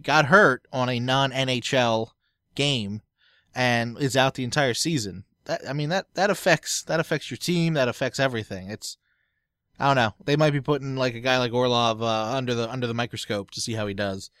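A young man co-hosting a podcast in casual sports chat, easygoing and often laughing, with halting restarts. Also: medium pitch, a bit bright, no echo, studio quality. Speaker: podcast co-host.

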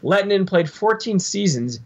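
Man, high voice, sarcastic, wry, casual news rundown. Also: animated, measured pace. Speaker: podcast co-host reading hockey news.

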